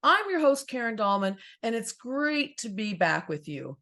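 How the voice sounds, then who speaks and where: A woman's voice: a little high, big pitch swings, moderate pace, pushed and bright. A woman hosting a casual interview show, bubbly and chatty, often turning to talk straight to her viewers. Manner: bubbly, addresses viewers directly. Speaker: host. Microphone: video call.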